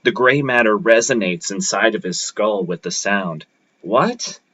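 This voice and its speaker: Brief: man reading his own fiction at an open mic, low and bright, steady delivery, dull livestream audio. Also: moderate pace, no room sound.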